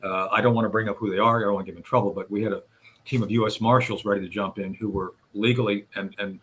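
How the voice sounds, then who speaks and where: A man's voice: fairly low pitch, fairly even intonation, fast, a bit bright, slight background noise. A man guest on a radio talk show, recounting events step by step and addressing the hosts directly. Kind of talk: conversational storytelling.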